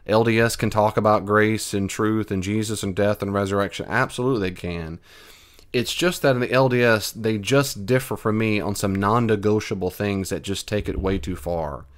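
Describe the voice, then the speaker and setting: A man with a somewhat low voice talks through listener questions on his podcast. He sounds folksy and earnest, like he is chatting plainly with his audience. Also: moderate pace. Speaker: podcast host. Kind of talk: casual podcast monologue answering listener questions.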